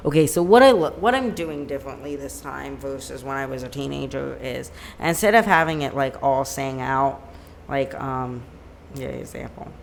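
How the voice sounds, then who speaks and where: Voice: mid-range voice, normal speed, gravelly, slight background noise. A musician chatting casually on a live stream from home, rambling and leaning on "like" as a filler. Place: home room with a plain white backdrop.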